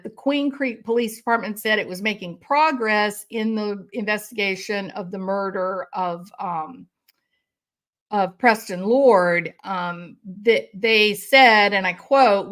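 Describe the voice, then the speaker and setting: A woman's voice: medium pitch, a bit bright. A woman commenting on a crime case, angry and indignant, with sarcastic rhetorical questions. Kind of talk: impassioned commentary.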